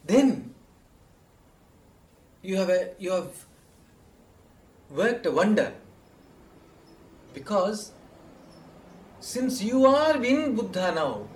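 A man teaching meditation to an audience in a measured storytelling manner, checking in with listeners as he goes. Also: high-pitched, a little mellow. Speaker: spiritual teacher. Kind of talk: meditation talk. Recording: roomy echo.

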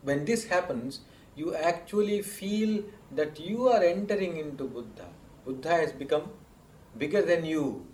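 A man teaching meditation to an audience in a measured storytelling manner, checking in with listeners as he goes. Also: fairly high pitch, expressive, a little mellow, slight background noise. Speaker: spiritual teacher. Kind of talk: meditation talk. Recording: roomy echo.

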